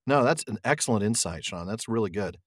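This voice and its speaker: A man's voice: lowish voice, expressive, brisk, dry recording, studio quality. A man co-hosting a podcast, discussing a book casually and reading passages aloud with expression. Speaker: podcast co-host.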